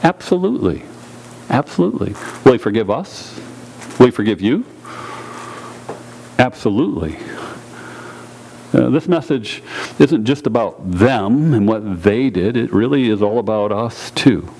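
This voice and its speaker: A pastor preaching a sermon in a church, earnest and direct, repeating key phrases and putting questions to the congregation. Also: male voice, mid-range voice, expressive, a little slow, creaky, long pauses, a little mellow, a little hiss or hum, low-quality recording.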